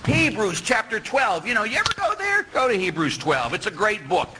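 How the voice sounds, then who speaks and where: A middle-aged man, a Catholic priest, giving a lively, teasing sermon in which he acts out the voices of the people he quotes. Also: sits high, normal speed, a little hiss or hum, low-quality recording.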